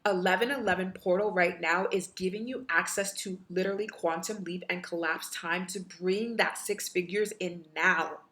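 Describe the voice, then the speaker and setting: A woman's voice: on the low side, steady tone, normal speed, few pauses, a bit bright. A woman spiritual coach leading a live online guided meditation and activation, effusive, with chant-like repetitions.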